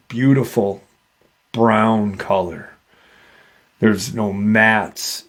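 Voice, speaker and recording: Slow, low-voiced man retelling an encounter. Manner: halting, with many fillers and restarts. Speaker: paranormal channel host.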